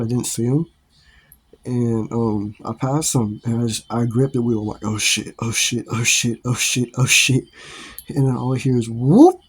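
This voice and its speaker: A man's voice: mid-range voice, dark tone. A man casually telling a story, laughing often and swearing freely, with lots of fillers and restarts. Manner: rambling, with many fillers and restarts.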